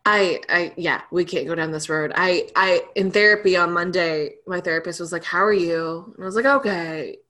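A woman's voice: lowish voice, moderate pace, hardly any pauses, sharp tone. A young woman pastor chatting candidly on a podcast, laughing often and trailing off with fillers. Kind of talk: casual podcast chat.

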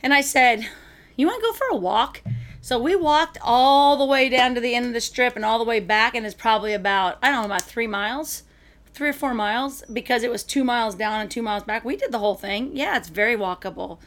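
A woman co-host chatting casually and telling a lively story, acting out what people said. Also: fairly high pitch, fairly quick. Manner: chatty, animated storyteller who acts out quotes.

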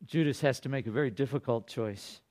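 A male pastor preaching a sermon, dropping to hushed tones and rising to loud, dramatic peaks. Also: fairly quick. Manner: dynamic, swinging from hushed to booming.

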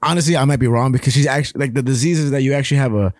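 A man's voice: mid-range voice, racing, darkish tone, dry recording, studio quality. A man co-hosting a podcast in casual, joking chat, swearing freely and laughing often, his voice sounding a little tired. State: low-energy, tired-sounding voice. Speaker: podcast co-host.

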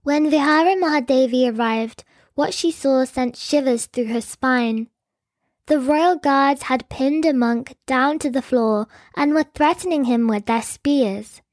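A woman's voice: high-pitched, unhurried, no echo, clean studio sound. A woman telling a historical story in scripted narration with lightly wry asides.

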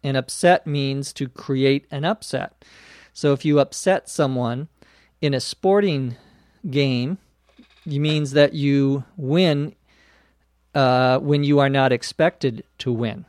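A man hosting an English-learning podcast, explaining words slowly and spelling them out letter by letter with frequent "uh"s. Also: medium pitch, darkish tone, no echo, clean studio sound. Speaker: English teacher podcast host. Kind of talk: slow explanatory podcast lesson.

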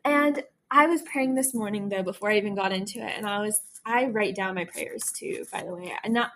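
A woman's voice: mid-range voice, fairly bright tone, a little hiss or hum. Earnest young woman sharing faith talk. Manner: earnest, confessional, quick to laugh at herself. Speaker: faith podcast host. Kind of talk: candid personal devotional talk.

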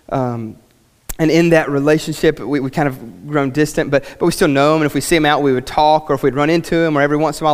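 A male pastor delivers an impassioned sermon in a fairly high voice, building up and then dropping to a hush. He keeps circling back with "I mean". The long reverb of a church hall trails after his words. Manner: impassioned, swings between loud and hushed, repeats "I mean". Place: church sanctuary.

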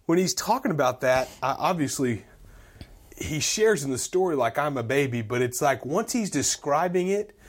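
A man's voice: on the high side, expressive, normal speed. Agreeable man chatting casually. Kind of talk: casual chat.

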